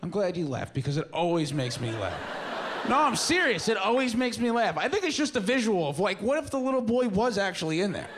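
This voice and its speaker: A man's voice: sits high, big pitch swings, fairly quick, fairly bright tone, a little hiss or hum. A man in his twenties doing a stand-up comedy set on a club stage, talking in a casual, rambling, self-mocking way into a handheld mic. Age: 20s.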